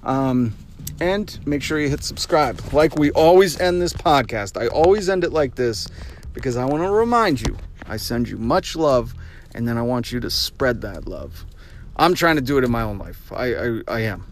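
A man hosting a solo podcast, ranting in an animated, joking way. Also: mid-range voice, normal speed, slight background noise. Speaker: podcast host. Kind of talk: casual solo podcast rant. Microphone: podcast microphone.

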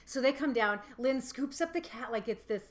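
A young woman telling a story in a casual, animated way, full of fillers and laughter. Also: on the high side, moderate pace.

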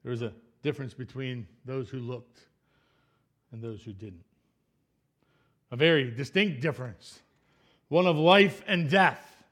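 Speaking at a measured pace with frequent pauses, a male pastor gives a church sermon, questioning the congregation and performing the voices of the story's characters. He shifts from loud emphasis down to soft, low asides.

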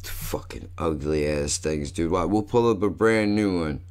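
Lowish-voiced guy ranting away, swears nonstop, dude every other line. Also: measured pace, darkish tone, clear, resonant tone. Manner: profane, rambling, says "dude" constantly. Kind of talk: casual ranting commentary.

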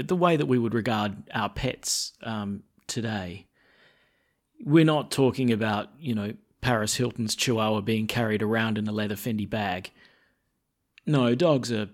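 A male priest delivering a homily in a loose, talky manner. He pauses on fillers and keeps a friendly conversational tone. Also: fairly low pitch.

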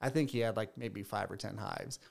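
Brisk and lowish, with vocal fry, this man is a beekeeper who runs a bee business. Chatting in a laid-back podcast interview, he tells stories full of restarts and repeated words.

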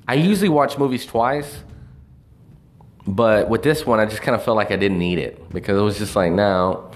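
A man's voice: fairly low pitch, moderate pace. A man ranting casually about movies, profane and rambling, with lots of fillers and restarts. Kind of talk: casual movie review rant.

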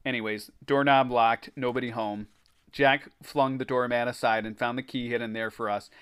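A podcast host reads a children's horror story aloud in a clear, resonant voice of medium pitch, fairly bright and steady, at a moderate pace. He breaks away from the text for laughing, cursing asides.

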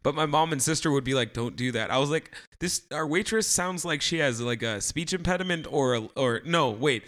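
A man with a bright, slightly high voice rambles through casual comedy banter. He trips over his words and breaks into laughter often. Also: normal speed. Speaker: podcast co-host.

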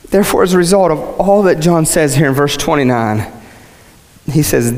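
A man preaching a sermon, asking rhetorical questions and repeating phrases as his voice swings from low to high. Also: lively intonation, moderate pace, a little mellow, in a large hall.

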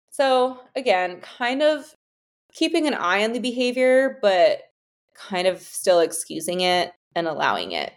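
A woman guest telling a personal story in a casual, animated, chatty way. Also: on the low side. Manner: animated, chatty, heavy use of "like" and "you know".

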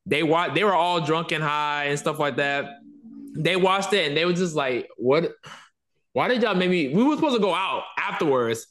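A man's voice: a little high, normal speed. A man hosting a podcast, telling stories animatedly in casual conversation. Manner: animated storytelling, swearing. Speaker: podcast host.

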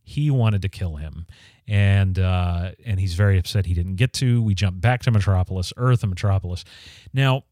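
A man's voice: fairly low pitch, darkish tone, no room sound, studio quality. A man hosting a podcast, recapping a comic story in a casual, conversational way with frequent ums and restarts. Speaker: podcast host reviewing comics. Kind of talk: casual spoken review.

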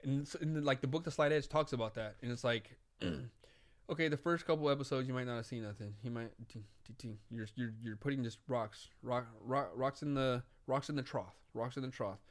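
A man's voice: mid-range voice, a little fast. A man talking as a podcast guest about investing, emphatic and repetitive, filling his speech with "like" and "you know what I'm saying.". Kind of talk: casual chat.

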